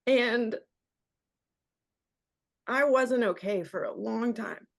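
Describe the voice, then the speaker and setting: A woman's voice: a little high, drawn-out words, gravelly. A woman in her thirties, a radio host and guest, candidly telling an emotional personal story and often quoting what others said to her. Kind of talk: personal storytelling in a podcast conversation.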